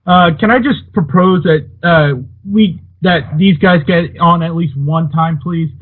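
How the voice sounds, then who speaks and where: A male caller on a radio show who hesitates and complains. His voice is husky and a little high. The phone line makes it tinny. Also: a little slow. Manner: hesitant, full of fillers. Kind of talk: call-in radio chat.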